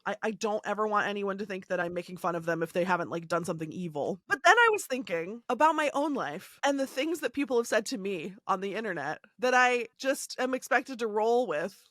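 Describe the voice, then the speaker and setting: A woman's voice: mid-range voice, lively intonation, brisk, few pauses, fairly bright tone, dry recording, studio quality. Anxious, rambling woman podcast co-host. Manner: anxious, self-doubting, rambling. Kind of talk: casual chat. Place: Seattle area.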